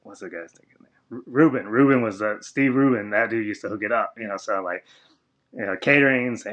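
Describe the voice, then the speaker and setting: A man, a former wrestler, telling a long story as a podcast guest, with lots of fillers, and he jumps high and loud when he quotes other people. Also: fairly quick. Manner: rambling, filler-heavy, acts out quoted voices high and loud. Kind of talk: casual storytelling interview.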